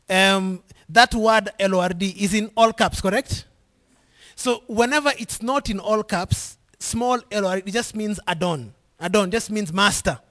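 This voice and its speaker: A man preaching a sermon to a congregation, reading scripture aloud and pausing to prompt listeners with questions. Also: high-pitched, a bit bright. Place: church congregation.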